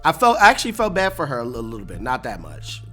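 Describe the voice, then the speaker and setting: A host giving a casual, animated breakdown of a TV episode, laughing often and acting out lines. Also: medium pitch, fast talker, faint music behind. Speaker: show recap host.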